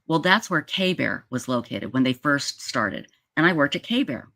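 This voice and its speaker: A woman hosts a casual livestream, telling a story with animated energy and frequent restarts. She speaks into a video-call mic from an indoor setup. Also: extremely low pitch, measured pace. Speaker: livestream host.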